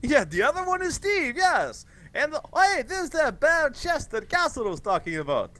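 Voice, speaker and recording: A man's voice: very high-pitched, wildly swooping pitch, moderate pace, sharp tone, heavily acted. A man voicing an ancient vampire count with a put-on foreign accent, theatrical and fussy, on a game stream voice chat. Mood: rambling. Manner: grand put-on foreign accent, sweeping exclamations.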